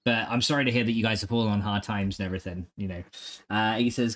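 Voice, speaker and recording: A man's voice: mid-range voice, lively intonation, fast, a bit bright. A man livestreaming from home, chatting loosely with viewers, swearing freely and restarting his sentences. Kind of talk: casual stream chat reading viewer messages. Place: home streaming room.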